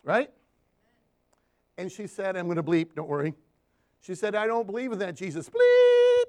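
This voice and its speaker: A man with a high-pitched voice preaches a sermon at a normal speed. He tells animated stories from his counseling work and calls on the congregation for amens.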